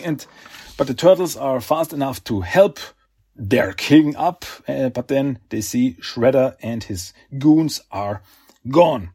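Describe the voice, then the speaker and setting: Podcast guy rambling thru a comic recap, husky voice, lots of uhs. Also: a little high, animated, takes it slowly, long pauses, darkish tone. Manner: rambling with many uhs and restarts. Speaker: podcast host. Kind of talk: casual comic book recap.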